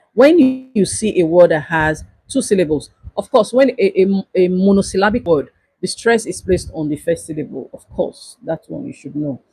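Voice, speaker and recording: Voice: medium pitch, a little mellow, slightly rough, dry recording, rough recording. A lecturer giving a livestreamed exam-review lesson, repeating instructions with emphasis. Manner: repetitive, emphatic instructions to students.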